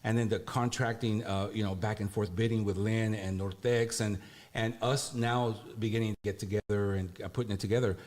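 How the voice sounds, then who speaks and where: A man being interviewed about a concert, with a fairly low voice. He talks in an easygoing, rambling way, with plenty of fillers. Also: brisk. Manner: relaxed, rambling, many fillers. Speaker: musician guest. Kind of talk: casual interview.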